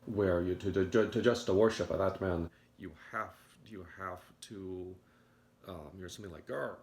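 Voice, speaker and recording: A man giving a rambling morning monologue to a video audience, halting and repeating words as he goes. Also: low-pitched, steady tone, darkish tone, echoey room. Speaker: video commentator.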